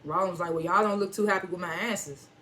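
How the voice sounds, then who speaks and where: In a fast, pushed, bright mid-range voice with a steady tone, a TV reviewer using AAVE walks through an episode casually. They retell it scene by scene and line by line, quote characters with "he was like," and react and chuckle at the twists along the way.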